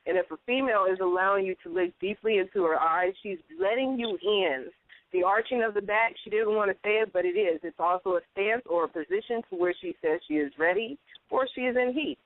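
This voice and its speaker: A woman's voice: medium pitch, brisk, no echo. Laughing woman co-host on a phone line. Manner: lively, laughing, interjecting. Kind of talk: casual chat.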